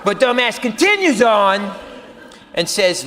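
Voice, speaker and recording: A man doing stand-up storytelling on stage, animated, swinging between shouting and hushed impressions. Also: fairly high pitch, normal speed, slight background noise. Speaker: stand-up comedian. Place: stage in a theater. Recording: live venue with long reverb, faint ambience.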